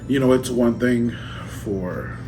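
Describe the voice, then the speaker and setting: A man in a casual unboxing vlog who talks in an emotional, halting way, choking up and trailing off. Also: medium pitch, fairly even intonation. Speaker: vlogger. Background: music.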